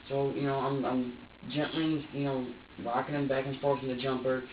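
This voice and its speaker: A man's voice: medium pitch, level tone, moderate pace. A man in his twenties giving an agitated, profane and rambling police interrogation statement, full of restarts. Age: 20s. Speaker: suspect being interviewed. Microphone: room camera from a distance. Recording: roomy, distant, dull lo-fi with faint noise.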